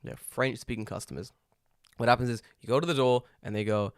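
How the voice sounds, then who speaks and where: Dry-sounding, animated storytelling man. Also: mid-range voice, a little fast, vocal fry, no echo. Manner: animated storyteller, swears freely. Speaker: podcast co-host. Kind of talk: casual chat. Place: Japan.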